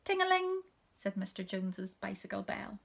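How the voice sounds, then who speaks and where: A woman reading a children's story aloud, soft and gentle, often dropping to a whisper. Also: medium pitch, a little slow, gravelly.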